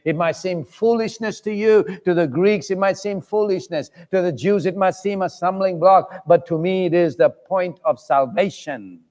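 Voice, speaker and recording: A man preaching a sermon, preaching with force and shouting at his high points. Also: normal speed, few pauses. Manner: shouts and swings his pitch widely for emphasis. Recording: long hall reverb.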